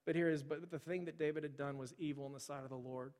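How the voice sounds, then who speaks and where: A man preaching a sermon in a conversational way, often saying "like" and "right", and growing forceful when he quotes scripture. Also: on the high side, fairly even intonation, fast talker. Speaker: pastor.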